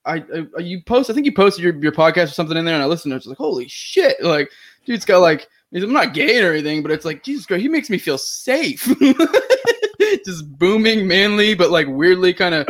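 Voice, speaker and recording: Man, podcast host, slightly high voice, rambling, profane, giggly. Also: very animated, fairly quick, a bit bright. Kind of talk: casual podcast chat.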